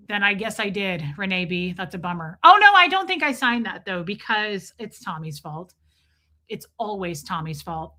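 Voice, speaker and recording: A woman from the United States livestreaming, telling a story in a casual, profane, animated way with quick asides to chat. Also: mid-range voice. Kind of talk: casual storytelling while reading live chat.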